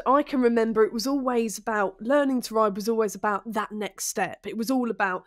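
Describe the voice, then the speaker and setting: A woman's voice: fairly high pitch, steady tone, brisk, few pauses, no room sound, clean studio sound. A woman hosting a podcast interview, chatting and reflecting on her own experience. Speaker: podcast host. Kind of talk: conversational interview chat.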